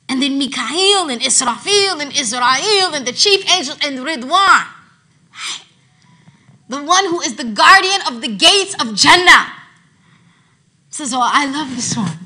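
Speaking in a high-pitched voice, an American woman who is an Islamic teacher preaches to a gathering of women. Her storytelling moves in lively swings between hushed and loud.

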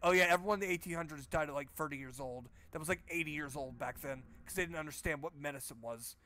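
Casual: snarky guy cursing through a horror game playthrough, voice a bit high. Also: quick pace, bright, forceful tone. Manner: sarcastic, profane. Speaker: game streamer. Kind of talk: let's play commentary.

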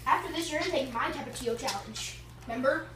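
A woman's voice: high-pitched, fast, background noise. A young woman filming a food challenge at home in her kitchen, casually bossing and teasing her friend. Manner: bossy, teasing, laughing. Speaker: co-host filming.

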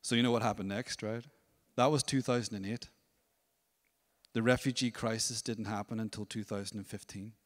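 A man giving a testimony at a church service, telling his story in a lively way and acting out other people's voices. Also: fairly low pitch, normal speed, long reverb tail. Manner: storytelling, animated, acts out voices. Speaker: worship leader. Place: church hall.

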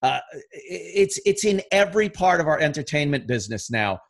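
A middle-aged man, a podcast guest, in a casual chat, talking bluntly with lots of swearing and animated storytelling. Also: on the high side, normal speed, vocal fry. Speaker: podcast guest, radio host.

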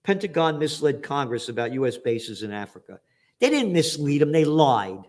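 A show host and trends forecaster with a slightly high, sing-song voice speaks at a normal speed. He reads news headlines aloud, then tears into them with profane, sarcastic rants and shouted mockery.

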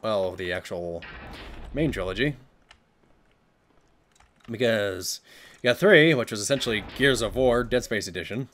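A man's voice: lowish voice, expressive, a little slow, long pauses, fairly bright tone. A man giving jokey, sarcastic commentary while playing a horror game at home on a desk mic, talking back to the game. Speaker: let's play gamer.

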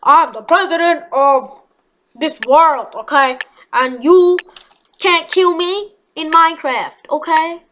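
A woman's voice: high voice, slow, a bit bright, voice pushed up. A woman putting on a mock-pompous accent to play a boastful self-proclaimed president of the game world, over a noisy home recording.

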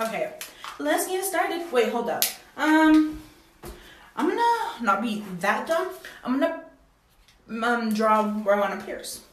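A young woman vlogging casually at home, excitable and dramatic, with sudden loud exclamations. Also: high-pitched. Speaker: beauty vlogger. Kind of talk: casual vlog chat. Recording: echoey room with faint noise.

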